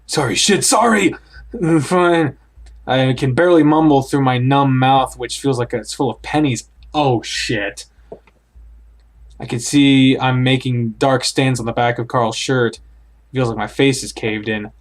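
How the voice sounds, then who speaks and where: Guy reading a scary visual novel out loud, mid voice, yelps and swears at the spooky bits. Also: mid-range voice, steady tone, measured pace. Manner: dramatic reader, blurts out startled reactions. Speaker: let's play host.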